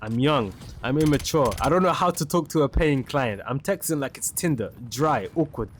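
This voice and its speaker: Animated and medium-pitched, a young man talks at a moderate pace while gaming on stream, telling a casual story packed with slang and pausing to react to gameplay. Game music, gunfire and a little hiss or hum are audible.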